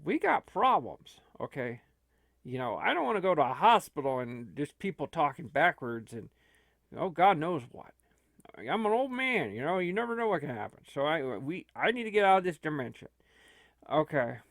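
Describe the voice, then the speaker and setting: A man's voice: a little high, sing-song, normal speed, vocal fry, fairly bright tone, dry recording, clean studio sound, heavily acted. A man playing a frantic old man who rambles and stammers urgently in an amateur comedy movie. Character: frantic old man fleeing strange dimension.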